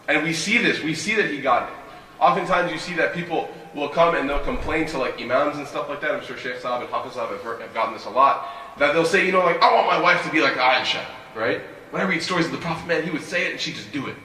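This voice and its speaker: A man's voice: a little high, fast, bright, forceful tone. A man giving a sermon as an imam, telling stories animatedly and asking rhetorical questions. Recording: echoey hall, voice from a distance.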